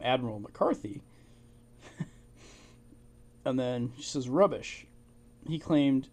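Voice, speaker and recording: A man casually reading and retelling old documents, with informal asides and chuckles. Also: mid-range voice. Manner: informal, chuckling asides, fillers like "you know". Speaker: amateur history narrator. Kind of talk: casual narration of archive documents.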